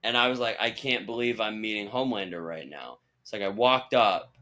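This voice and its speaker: Bright-voiced man telling animated stories. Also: on the low side, a little fast. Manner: animated storytelling, acting out quoted voices. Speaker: podcast host. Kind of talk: casual chat.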